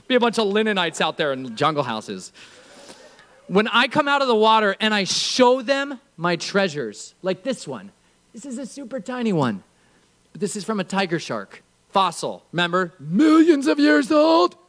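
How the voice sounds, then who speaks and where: A man preaching from a church stage, emphatic, swinging from low murmurs to shouts. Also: big pitch swings, normal speed. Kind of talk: sermon.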